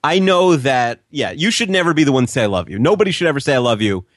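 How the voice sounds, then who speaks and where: Quick, animated man chatting. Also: medium pitch, no echo, studio quality. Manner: quick, animated, lots of fillers. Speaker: podcast co-host. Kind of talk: casual chat.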